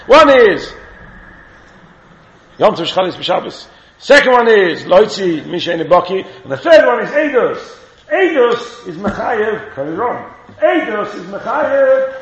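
Animated man teaching a lively Torah class. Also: high voice. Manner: animated, questions the class, chants quoted Hebrew. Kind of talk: lively classroom Talmud lesson. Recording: roomy, dull lo-fi class recording with faint hiss.

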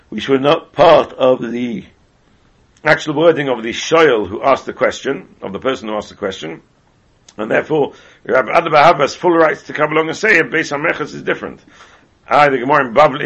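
A man teaching a Talmud class at a brisk clip, often repeating himself as he explains. His voice is gravelly and a little husky. The recording is dull and lo-fi. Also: medium pitch, fairly bright tone. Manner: rapid, heavily repeats words while explaining.

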